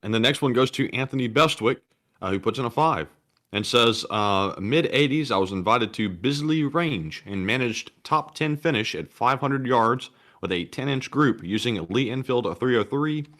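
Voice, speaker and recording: A man's voice: mid-range voice, expressive, normal speed, a bit bright. Man reading out viewer donations. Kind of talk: reading out super chats.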